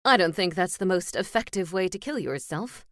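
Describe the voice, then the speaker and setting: A woman's voice: lowish voice, expressive, normal speed, fairly bright tone, dry recording. A woman reading the part of an eager, helpful male ghost with old-fashioned phrasing, in a dry close recording.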